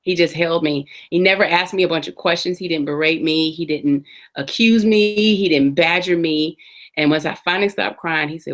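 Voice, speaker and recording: Speaking in a low voice, a woman in her forties appears as an interview guest and tells her own story with earnest sincerity. Her telling includes thoughtful pauses and restarts.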